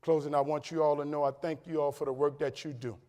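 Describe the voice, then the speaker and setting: Energetic New man, hall echo. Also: on the high side, fast. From New Orleans, USA. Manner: lively storytelling, humorous, builds to loud punchlines. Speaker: keynote speaker. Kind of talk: motivational conference speech. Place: large conference hall. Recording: long reverb of a conference hall.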